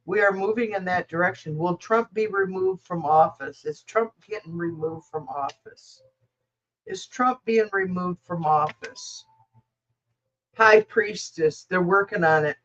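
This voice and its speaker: A woman's voice: mid-range voice, expressive, takes it slowly, highs cut off. A woman reading tarot cards for viewers in a casual livestream, rambling, blunt and emotional as she talks to the chat. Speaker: tarot reader answering viewer questions.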